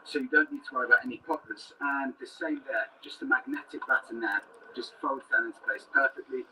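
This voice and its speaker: A man's voice: fairly quick, far from the mic, low-quality recording. A man showing off motorcycle gear, enthusiastic and at times half-whispering. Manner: enthusiastic, sometimes whispery, lively pitch. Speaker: gear reviewer. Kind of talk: product showcase talk. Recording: voice from off-mic with faint background noise.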